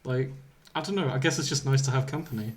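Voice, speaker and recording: A man hosts a comedy podcast at a mid-range pitch, chuckling through a silly retelling. He trips over words, restarts sentences and keeps breaking into laughter. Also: fast talker. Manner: amused, laughing often, stumbling over words. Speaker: podcast host. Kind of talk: casual comic retelling of fan fiction.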